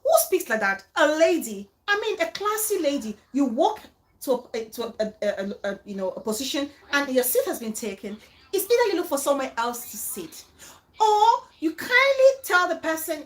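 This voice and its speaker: A woman hosting a casual, animated reaction chat about a reality show, acting out other people's words. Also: sits high, normal speed, rough recording. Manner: animated, dramatic, quotes others in mock voices.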